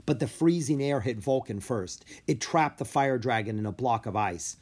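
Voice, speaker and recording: A man narrating a children's book aloud in an expressive storytelling way. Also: mid-range voice, normal speed, breathy edge. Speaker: audiobook reader.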